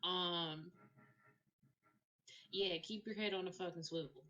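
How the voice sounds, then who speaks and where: A woman's voice: on the low side, fairly even intonation, takes it slowly, pushed and bright, dull audio. Rambling, swearing woman player. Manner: rambling, heavy swearing, many fillers. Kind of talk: casual tabletop play.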